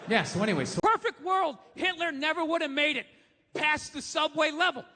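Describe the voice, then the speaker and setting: A middle-aged male stand-up comedian ranting profanely and rapid-fire on a live theater stage, into a handheld mic. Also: extremely high pitch, animated, big-room sound, background noise.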